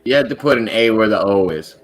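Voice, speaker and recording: A low-pitched man hosts a casual livestream chat over a video call. He jokes, laughs easily and trips over his own words as he talks. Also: lively intonation, fairly quick, over a noisy crowd. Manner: joking, laughs often, restarts phrases. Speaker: podcast host.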